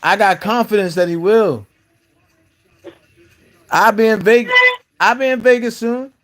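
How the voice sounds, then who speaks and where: A man's voice: high voice, a little slow, a bit bright. A man with hosting a live call-in stream, joking and boastful in casual chat.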